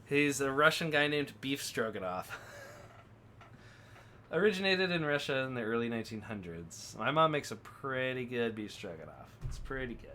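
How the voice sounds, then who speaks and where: A man's voice: mid-range voice, expressive, normal speed, pushed and bright. Chatty man streaming a game. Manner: chatty, joking asides, playful. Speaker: streamer playing a visual novel. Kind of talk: casual let's-play commentary. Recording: noisy background hiss.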